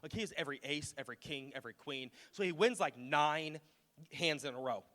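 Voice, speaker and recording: A man's voice: a little high, fairly quick, bright, forceful tone. Pastor in his thirties, casual and self-mocking, preaching in a big echoing auditorium. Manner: casual, joking, self-deprecating. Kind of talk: sermon. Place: large church auditorium. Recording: long hall reverb with faint music.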